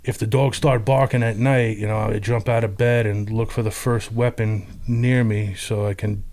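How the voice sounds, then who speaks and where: Low-pitched veteran man, plain-spoken and halting, swears freely. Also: steady tone, a little mellow. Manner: frank, loose, halting with blunt swearing. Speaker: army veteran. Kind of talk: casual storytelling.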